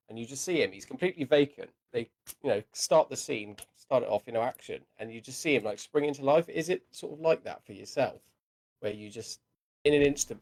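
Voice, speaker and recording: A man's voice: mid-range voice, vocal fry, a little mellow. A man from the audience asking a rambling, hesitant question in a casual interview chat.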